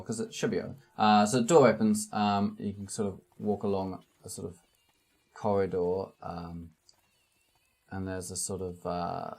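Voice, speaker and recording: Slow, hesitant game master. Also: male voice, deep voice, a little mellow. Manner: slow, hesitant, many ums. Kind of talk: narrating a tabletop game.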